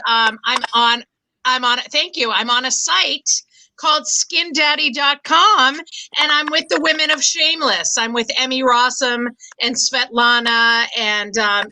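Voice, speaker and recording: A middle-aged woman from the Boston area works a comedy club stage, her high voice ringing very bright over the handheld mic. She talks in a self-deprecating, halting way, full of ums and stumbling restarts. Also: poor audio. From Boston area, USA. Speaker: stand-up comic. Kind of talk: stand-up comedy set.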